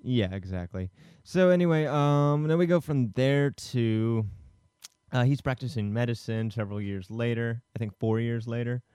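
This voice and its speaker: A man's voice: mid-range voice, moderate pace, mellow, clear, resonant tone, dry recording, studio quality. A man co-hosting a casual film podcast, retelling the plot in a rambling way with many fillers. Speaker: podcast co-host.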